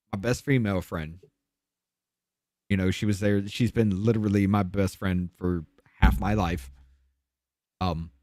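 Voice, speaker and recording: A man guest on a podcast candidly telling a hard personal story, blunt and profane, his voice dropping low and quiet on the painful parts. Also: no room sound, studio quality.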